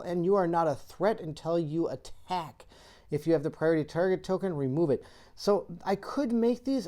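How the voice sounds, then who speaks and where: A chatty host talks through a solo board game, reading rule cards aloud and puzzling over choices. The voice is mellow and warm, with frequent laughter and bursts of excitement. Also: mid-range voice. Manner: laughs often and gets excitable. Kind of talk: casual solo board game playthrough commentary.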